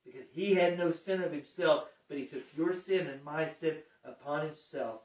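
A man preaching a sermon emphatically, swinging from hushed lines to raised ones. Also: fairly high pitch, normal speed. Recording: echoey room, mic at a distance.

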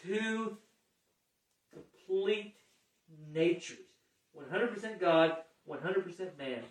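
A man delivering a sermon in a fairly high voice, slow and deliberate, building to forceful emphasis and then falling quiet. The sound is roomy and echoing, as though the mic sits some way off. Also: expressive. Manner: emphatic, dramatic swings from hushed to raised. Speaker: preacher. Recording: echoey room, mic at a distance.

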